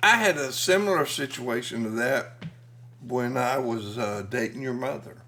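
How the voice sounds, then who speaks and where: A man's voice: medium pitch, moderate pace, sharp tone. A middle-aged man telling a family story as a podcast co-host in casual chat, folksy and crude, teasing the others.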